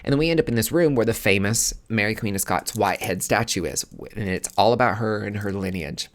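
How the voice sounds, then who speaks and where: A man's voice: fairly low pitch, fairly quick. Candid, emotional male podcast host. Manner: candid, emotional, given to filler words and restarts. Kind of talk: casual personal storytelling.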